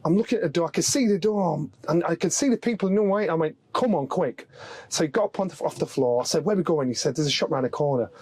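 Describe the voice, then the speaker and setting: A man's voice: a little high, rapid-fire, few pauses, breathy edge, no room sound. A middle-aged man from England, a guest on a podcast, telling stories in casual chat and acting out the voices of the people in them. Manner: animated storyteller, acts out quoted voices. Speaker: podcast guest, former boxing world champion.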